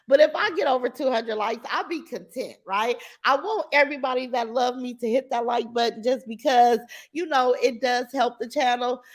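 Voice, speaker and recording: A woman's voice: high voice, fairly bright tone. Chatty sounding woman livestream host. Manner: reads viewer comments aloud, chatty and opinionated. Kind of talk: casual live-chat commentary.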